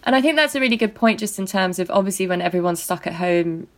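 A woman's voice: mid-range voice, expressive, fast talker. A woman hosting a casual podcast chat, earnest and thoughtful. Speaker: host.

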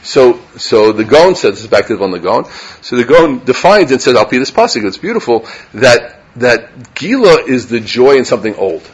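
Middle-aged rabbi teaching with lively banter. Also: male voice, medium pitch, moderate pace. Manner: conversational, checks in with listeners by asking "right?"; lively, mixes in Hebrew and Yiddish terms. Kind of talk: informal Torah lecture. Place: lecture room with a live audience.

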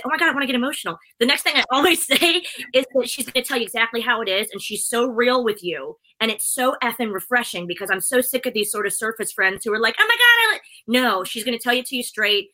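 A woman's voice: fairly high pitch, bright, forceful tone, poor audio. A middle-aged woman, a presenter, chatting as an interview guest in a bubbly, chatty way. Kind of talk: casual interview chat.

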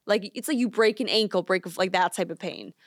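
A woman's voice: medium pitch, fast, no room sound. A young woman co-hosting a podcast, telling a story in casual chat with lots of "like" and acted-out quotes, in a studio. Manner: animated, lots of "like", acts out quotes. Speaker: podcast co-host. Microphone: studio mic.

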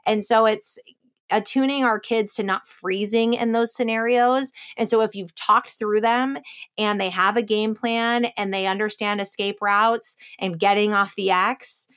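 Middle-aged woman guest, mid-pitched, talking loosely with lots of "you know" and restarts. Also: fairly even intonation, a little slow, fairly bright tone. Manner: explains at length with many fillers and restarts. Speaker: guest, former intelligence officer and author. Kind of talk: casual interview answer.

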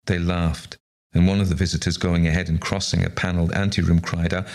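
A man reading a ghost story aloud in a measured, unhurried way. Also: deep voice, flat delivery, darkish tone. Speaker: story reader.

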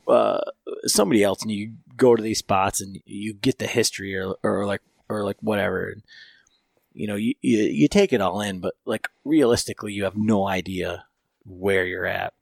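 A man's voice: fairly low pitch, creaky, no room sound, clean studio sound. A man hosting a podcast, telling a long story in a rambling, profane way with lots of fillers. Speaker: podcast host.

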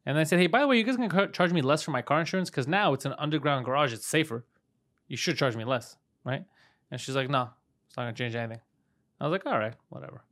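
Fast-talking profane man telling a story. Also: on the high side. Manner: profane, animated storytelling with put-on quotes. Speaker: podcast co-host. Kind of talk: casual chat.

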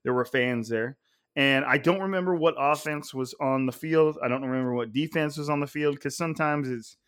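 A man co-hosting a sports podcast in casual chat, animated and emphatic, swearing freely. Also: medium pitch, brisk.

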